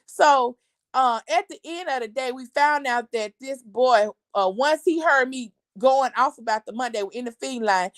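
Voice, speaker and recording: A middle-aged woman hosting a family live show, telling a story in an animated, expressive way. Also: high voice, normal speed, dry recording. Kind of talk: casual storytelling chat.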